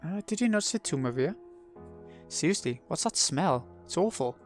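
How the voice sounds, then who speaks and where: A man doing a brash young woman, pitched high. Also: animated, moderate pace, soft background music, close to an everyday voice. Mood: disgusted.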